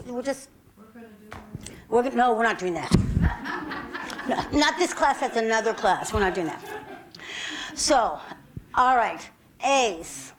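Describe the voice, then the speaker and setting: A woman with a high, light voice leads a self-defense class, giving upbeat, directive instructions. She keeps it playful while she runs the group through the exercise. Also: low-quality recording.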